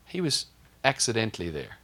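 A man preaching a sermon through a personal story, lively, acting out the dialogue in a raised voice. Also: fairly low pitch, fairly quick, vocal fry. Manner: animated, acts out dialogue in a raised voice.

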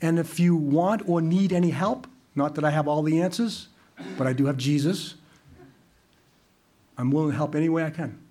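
A man's voice: on the high side, moderate pace, long pauses, dark tone. A man leading a church service, who speaks earnestly and encouragingly to the congregation, then leads them in prayer. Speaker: pastor.

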